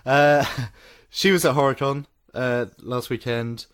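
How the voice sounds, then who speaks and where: A man co-hosting a podcast in casual chat, animated and joking, laughing often. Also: mid-range voice, slow, clear, resonant tone. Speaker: podcast co-host.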